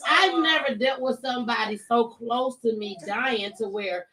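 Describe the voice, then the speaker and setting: A woman's voice: fairly high pitch, moderate pace. A woman hosting a talk show, chatting casually and laughing often as she tells a story, in a studio. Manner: lively, laughs often while talking. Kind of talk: casual chat.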